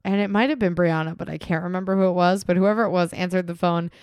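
A woman's voice: on the low side, steady tone, fast, a little mellow, clean tone, no room sound, studio quality. A woman co-hosting a podcast, chatting casually, giggling and tripping over words. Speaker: podcast co-host. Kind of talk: casual chat.

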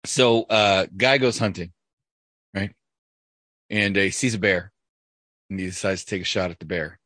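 A man's voice: sits low, fairly even intonation, normal speed, sharp tone, no echo. A man co-hosting a podcast, telling a long joke in a laid-back way. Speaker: podcast host. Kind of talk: casual podcast banter.

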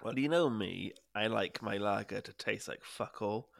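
A young man, chatting casually on a podcast. His voice sits a little low and he laughs often, wandering through his points with plenty of fillers and restarts. The sound is dry and close to the mic. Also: moderate pace, vocal fry, a bit bright, dry recording. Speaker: podcast co-host. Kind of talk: casual chat.

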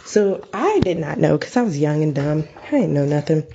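A woman's voice: deep voice, very animated, normal speed, vocal fry, dark tone, a little hiss or hum. A young American woman telling a personal story to other mothers in a chatty, encouraging way, with lots of fillers. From United States. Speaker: vlogger addressing mothers. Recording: dull, dry lo-fi recording.

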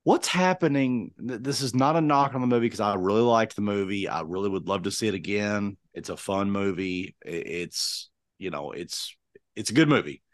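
A man's voice: on the low side, moderate pace, dry recording, studio quality. A man in his forties co-hosting a podcast in casual chat, rambling with many fillers and restarts. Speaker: podcast co-host.

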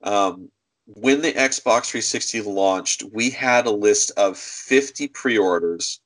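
A man telling retail stories on a casual podcast, animated and acting out customers' voices. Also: fairly low pitch, takes it slowly, low-quality recording. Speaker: podcast co-host. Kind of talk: casual storytelling.

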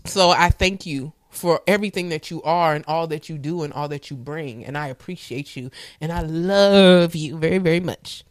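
A woman giving heartfelt thanks to a relative, chatty and laughing, dropping quiet when serious. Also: low-pitched, normal speed, hardly any pauses, no echo, clean studio sound. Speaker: family member giving a thank-you speech. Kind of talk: heartfelt casual speech.

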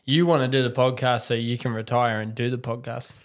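A man's voice: mid-range voice, little pitch movement, fairly quick. A young Australian man chatting as a podcast guest, telling crude stories full of swearing. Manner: profane, laddish storytelling. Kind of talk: casual chat.

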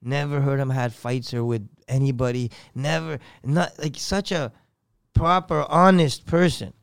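A man, a podcast guest, telling a story in casual, blunt and profane talk that swings between loud and hushed. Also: mid-range voice, steady tone, measured pace, gravelly, clean tone.

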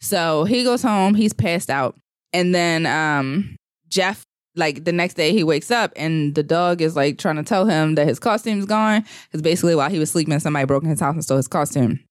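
A man's voice: a little high, fairly quick, no room sound, clean studio sound. A man co-hosting a podcast, casually retelling a film's plot in a rambling way and acting out characters' lines. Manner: rambling storyteller, acts out lines. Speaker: podcast co-host. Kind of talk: casual movie recap.

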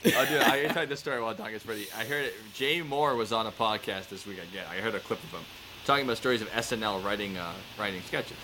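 A man's voice: fairly low pitch, fast talker, background noise. A man co-hosting a podcast, telling stories in casual chat and acting out the quotes, swearing as he goes. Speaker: podcast co-host.

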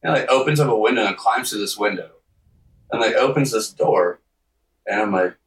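A man's voice: on the low side, fairly quick, a bit bright. A man as a podcast guest telling a long story in casual chat, full of fillers, and acting out what people said. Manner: rambling, filler-heavy, acts out quotes. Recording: roomy, distant mic.

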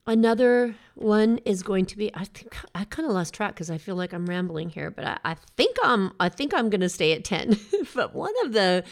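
Woman, middle-aged, life coach, motivational monologue, emphatic, informal, gravelly, mid pitch. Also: darkish tone. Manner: direct, emphatic, informal with mild swearing. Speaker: breast cancer survivor and life coach.

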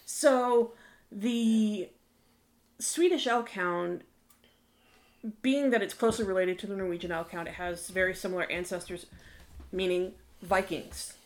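A woman's voice: mid-range voice, measured pace, pauses often. An American woman co-hosting a podcast, explaining things knowledgeably in casual chat with a few restarts. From United States. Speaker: podcast co-host.

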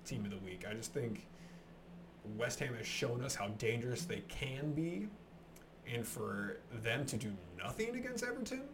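A young man co-hosting a casual football podcast, chatty and animated, telling stories and laughing often. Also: mid-range voice, normal speed, background noise. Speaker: podcast co-host. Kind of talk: casual sports chat.

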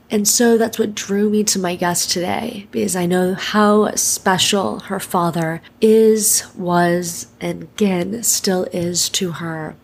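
A woman introduces an episode of her podcast in a heartfelt monologue, her mid-range voice carrying vocal fry and a breathy edge. She sounds earnest, emotional, and reflective.

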